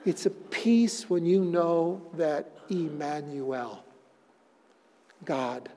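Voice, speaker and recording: A man preaching a sermon as pastor, moving from loud emphatic phrases down to hushed, almost whispered words. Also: on the high side, slow pace, in a large hall. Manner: swings between loud emphatic lines and hushed near-whispers.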